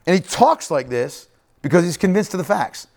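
A man preaching in a lively, swinging voice that sits a little high. He speaks straight to the congregation, often checking in with "right?" and going back over his phrases. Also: normal speed. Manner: conversational preaching, frequent "right?" asides and repeated phrases. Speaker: pastor. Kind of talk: sermon.

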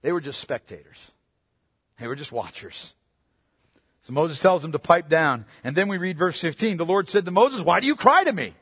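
A man preaching a sermon in an emphatic way, swinging from loud to quiet. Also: fairly high pitch, lively intonation, normal speed, long pauses, slightly rough, in a large hall. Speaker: pastor.

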